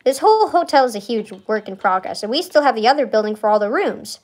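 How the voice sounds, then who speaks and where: Young woman, streamer, casual game tour, giggly, rambling, highish voice. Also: expressive, quick pace, a little mellow. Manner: rambling, giggly, many fillers and restarts.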